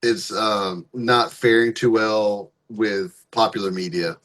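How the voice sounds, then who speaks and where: A man on a podcast panel, speaking in a measured, hedging way. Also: fairly low pitch, fairly even intonation, a bit bright. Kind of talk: casual chat.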